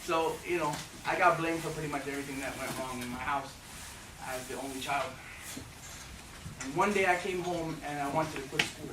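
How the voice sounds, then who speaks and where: Energetic joking man in an echoey hall. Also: fairly high pitch, moderate pace. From Newfoundland, Canada. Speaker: guest speaker. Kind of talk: humorous talk to an audience. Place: university lecture hall. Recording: echoey hall, far from mic, noisy.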